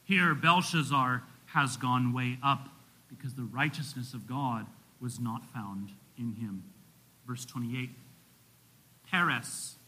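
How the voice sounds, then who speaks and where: A man preaching a sermon to a congregation, earnestly rising for emphasis and dropping low on solemn points. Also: slow, pushed and bright, poor audio. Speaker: pastor.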